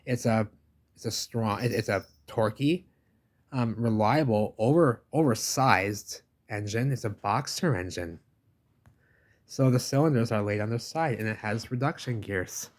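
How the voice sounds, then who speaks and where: A man's voice: fairly low pitch, unhurried. A man giving a casual, rambling voice-over commentary, enthusiastic and repetitive, often calling the listener baby. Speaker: video narrator.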